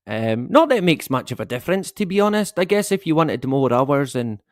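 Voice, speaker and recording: A man's voice: fairly high pitch, sing-song, a little fast, dry recording, clean studio sound. A man hosting a casual live stream from home, chatting with viewers in a rambling way and chuckling often. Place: at home, dog snoring behind him.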